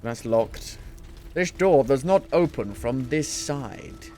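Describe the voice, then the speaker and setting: A man's voice: medium pitch, lively intonation, slow, warm tone, soft background music. A man giving casual, jokey live commentary while playing a video game, often muttering to himself. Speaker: gameplay streamer.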